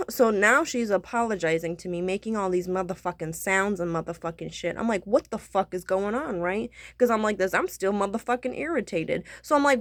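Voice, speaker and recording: A woman's voice: medium pitch, dry recording, clean studio sound. An irritated woman ranting profanely about being woken up, repeating "right?" between points. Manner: profane, repetitive, keeps asking "right?". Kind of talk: angry rant to camera.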